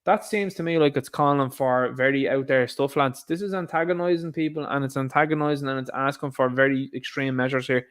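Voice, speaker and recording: A man's voice: mid-range voice, fairly even intonation, fairly quick, few pauses, a bit bright. An Irish man giving indignant, sarcastic commentary on news headlines, addressing his viewers as lads. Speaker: vlogger, commentator.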